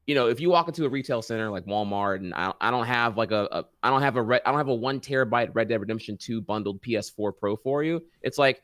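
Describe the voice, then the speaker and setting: A man's voice: mid-range voice, fast talker, hardly any pauses, fairly bright tone, no room sound, clean studio sound. A man co-hosting a casual podcast chat, telling rambling, profane stories full of fillers. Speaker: podcast co-host.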